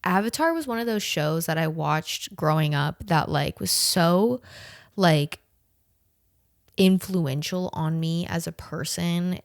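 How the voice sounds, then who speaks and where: A podcast host, a young woman in her twenties from the southern US, tells a story casually and with animation, swearing and leaning on slang and "like." Her pitch is fairly low and her pace slow, captured in clean studio sound with no echo.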